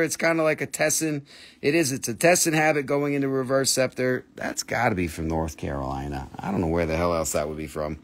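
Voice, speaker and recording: A man's voice: fairly high pitch, a bit bright. A man hosting a live crystal sale, talking in a jokey, exclamatory patter with muttered asides. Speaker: host selling crystals on a live stream. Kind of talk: live sales stream.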